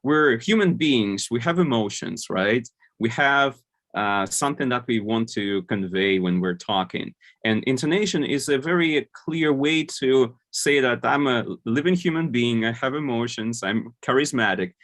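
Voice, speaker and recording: A man's voice: medium pitch, normal speed, fairly bright tone. A man giving an online conference talk, explaining points with many fillers and restarts. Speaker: conference speaker.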